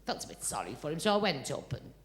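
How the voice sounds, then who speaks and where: A woman with a Liverpool accent doing stand-up comedy, telling stories deadpan with punchy asides. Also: low-pitched, fast talker.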